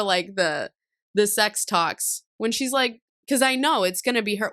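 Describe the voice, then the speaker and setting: A woman in her thirties hosting a casual podcast chat, candid and quick to swear, often laughing through her stories. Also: medium pitch, bright, forceful tone, no room sound, clean studio sound. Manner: candid, swears freely, laughs a lot while telling stories. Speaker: podcast host.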